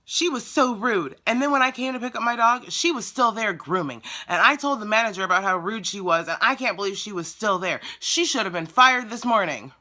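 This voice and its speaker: A woman voicing an indignant female customer who complains in a shrill, self-righteous and accusatory way. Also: expressive, brisk, hardly any pauses, bright, forceful tone.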